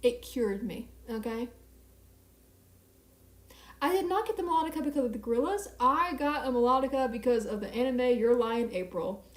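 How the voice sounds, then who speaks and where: A woman's voice: fairly high pitch, expressive, normal speed. Chatty young woman streamer, echoey room. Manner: chatty, rambling, self-mocking. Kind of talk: casual live-stream chat. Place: small home apartment at night.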